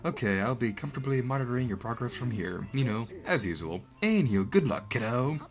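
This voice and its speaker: A man's voice: mid-range voice, animated, brisk, faint music behind, lightly acted. A man voicing an elderly male inventor, reading game dialogue aloud in a chatty way. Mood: instructive.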